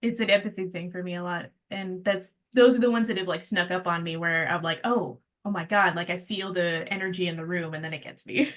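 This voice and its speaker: A woman's voice: fairly low pitch, fairly even intonation, fairly quick. A woman co-hosting a casual podcast, speaking in a reflective way and laughing lightly. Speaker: podcast co-host.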